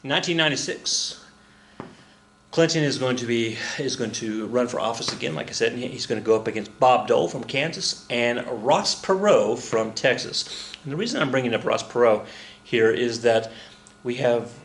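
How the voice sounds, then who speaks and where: A man giving a relaxed history lesson to his students, talking in a loose, chatty way with joking asides and plenty of "uh"s. His voice sits in a middle register. The room around him is echoey. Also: mid-range voice, moderate pace, a little hiss or hum. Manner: chatty, jokey asides, frequent fillers. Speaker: teacher. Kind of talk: casual recorded history lecture. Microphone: recorded at a computer for students.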